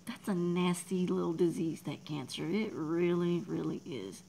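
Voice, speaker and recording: A woman, chatting casually on a livestream, emotional and soft, often dropping to a near whisper as she thanks viewers in chat. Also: fairly low pitch, moderate pace, vocal fry, slight background noise, poor audio. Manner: emotional, talks softly, drops to near whispers. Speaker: livestream host.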